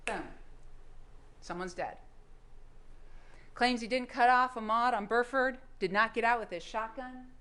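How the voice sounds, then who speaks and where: A woman's voice: a little high, unhurried, long pauses, bright, forceful tone, echoey room. A woman prosecutor delivering a courtroom closing argument, firing pointed rhetorical questions at the jury.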